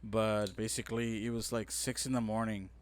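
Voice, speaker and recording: A man's voice: on the low side, normal speed. A young man co-hosting a casual podcast chat, telling stories animatedly and acting out quotes. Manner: animated storyteller, acts out quotes loudly. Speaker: podcast co-host.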